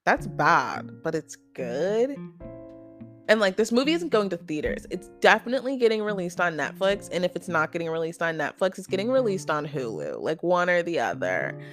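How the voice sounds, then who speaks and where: A young woman hosts her own podcast in a loose, chatty way, tossing out strong opinions and side comments. Her voice sits a little low for a woman. Soft guitar music plays faintly underneath. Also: animated. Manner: chatty and opinionated, lots of "like" and quick asides. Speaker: podcast host. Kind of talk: casual solo podcast chat.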